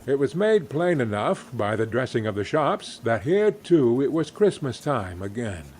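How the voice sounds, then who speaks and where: A male storyteller reads aloud at an unhurried pace, letting his pitch rise and fall expressively. Now and then he drops in a wry aside. A faint ambient hiss sits under the voice. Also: sing-song, a little mellow. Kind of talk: reading aloud a classic story.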